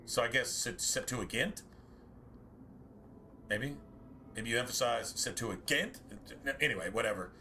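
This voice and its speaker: A game streamer, a man with a bright, forceful voice, rambles through a casual chat with his viewers. He muses aloud, corrects himself often and drops the odd swear word, with a faint hiss of noise behind him. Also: mid-range voice, brisk.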